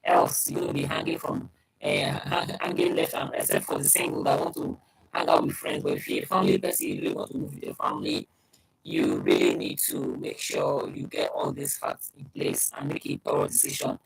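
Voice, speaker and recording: Very deep gravelly man with a strong accent. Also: wildly swooping pitch, brisk, rough recording. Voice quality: strong accent he describes himself. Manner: conversational, repeats points, addresses the listener directly. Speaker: vlogger giving advice on moving abroad. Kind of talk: casual advice monologue.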